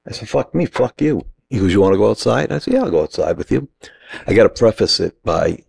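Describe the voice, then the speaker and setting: A middle-aged man from New York, casually telling a lively anecdote and acting out the quoted lines. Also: fairly low pitch, fast, gravelly, husky. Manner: animated anecdote-teller, acts out quoted lines. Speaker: guest. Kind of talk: casual storytelling.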